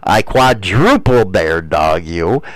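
A man hosting a casual chat, answering viewer questions in a crude, profane, rambling way full of "uh" fillers. He often swings into loud rants. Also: low voice, big pitch swings, slow pace, rough recording.

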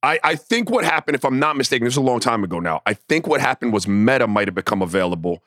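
A man's voice: medium pitch, big pitch swings, fast talker, a bit bright, dry recording, studio quality. A middle-aged man, a co-host and former pro player, chatting on a podcast in a laid-back, reflective, profane way. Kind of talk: casual podcast chat.

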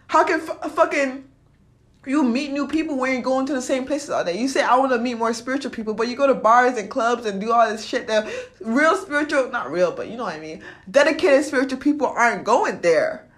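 A young woman vlogging a blunt, profane motivational monologue, swinging between loud ranting and quiet confession. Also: sits high, expressive, a little fast.

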